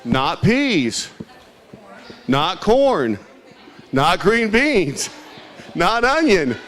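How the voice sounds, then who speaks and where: A man's voice: sits high, big pitch swings, very slow, a bit bright, slight background noise. Playful man hosting a crowd quiz. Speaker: event emcee. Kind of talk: trivia quiz hosting at a community event. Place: large indoor hall with a crowd.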